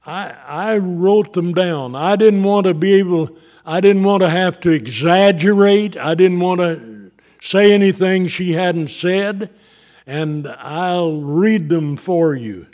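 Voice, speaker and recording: Older man preaching slowly, somewhat high. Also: darkish tone. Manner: slow, halting, reading from notes; rises into fervent preaching on scripture. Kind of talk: sermon testimony.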